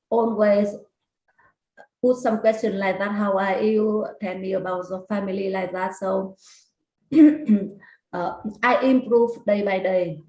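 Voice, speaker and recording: A woman's voice: medium pitch, darkish tone, echoey room, rough recording. A woman learning English who talks hesitantly on a video call, with many fillers and restarts; English is not her first language. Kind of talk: casual chat.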